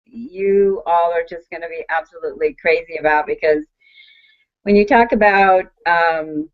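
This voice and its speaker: An older woman telling an excited testimonial on a call, laughing often and acting out what was said. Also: lowish voice, normal speed. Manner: bubbly, laughing, acts out quotes. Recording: muffled online call audio.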